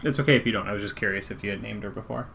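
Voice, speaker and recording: Male game master, low voice, bright tone, casual, filler-heavy. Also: very fast, gravelly, a little hiss or hum. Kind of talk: narrating a tabletop game.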